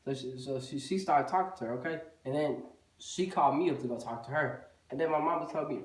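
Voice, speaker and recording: In an echoey room and well away from the mic, a man tells a casual, swear-filled storytime with "bro" in nearly every sentence. This vlogger's voice is medium-pitched and brisk, and the recording carries a little hiss or hum.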